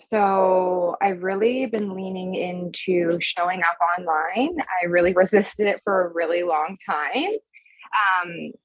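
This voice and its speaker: A woman's voice: fairly low pitch, no echo, dull audio. A woman coach talking frankly and emphatically as a podcast guest, swearing freely as she tells her story. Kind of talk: casual podcast conversation.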